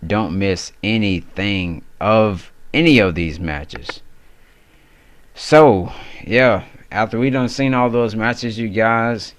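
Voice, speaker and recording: Low smooth-voiced man hosting chat. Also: dry recording. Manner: loose, rambling, self-correcting. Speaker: wrestling channel host. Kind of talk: casual podcast chat.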